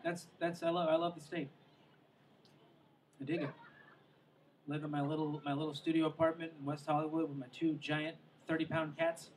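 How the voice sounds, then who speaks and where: A stand-up comedian with a high voice performs at an outdoor show by the water, rambling, poking fun at himself, and trailing off into asides. He speaks at normal speed with little pitch movement and long pauses. The recording catches him from a distance against a faint wash of noise.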